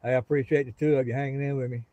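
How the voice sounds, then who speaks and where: A man's voice: medium pitch, very fast, no room sound. A middle-aged man from the Gulf Coast of Florida with a Southern drawl, chatting casually and folksily with viewers on a phone livestream outdoors. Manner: relaxed, folksy, talks straight to viewers. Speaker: livestream host. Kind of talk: casual live-stream chat with viewers. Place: outdoors near a pasture.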